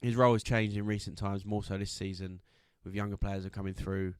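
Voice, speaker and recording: A man co-hosting a football podcast, giving a steady roundup of results. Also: on the low side, brisk, clear, resonant tone, dry recording, clean studio sound. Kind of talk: casual chat and news roundup.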